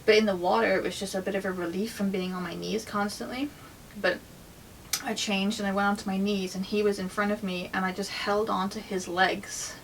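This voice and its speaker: A woman shares a deeply personal story in a candid, emotional, chatty way, her middle-pitched voice a little off-mic. A faint low rumble sits under the recording. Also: steady tone, fairly quick, distant mic, rough recording. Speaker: vlogger.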